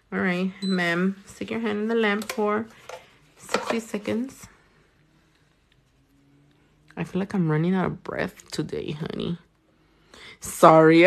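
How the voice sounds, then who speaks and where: Slow-talking chatty woman from California. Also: fairly low pitch, vocal fry, fairly bright tone. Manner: chatty and profane, reads out viewer comments. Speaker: nail artist livestreaming a tutorial. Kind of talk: casual livestream chat.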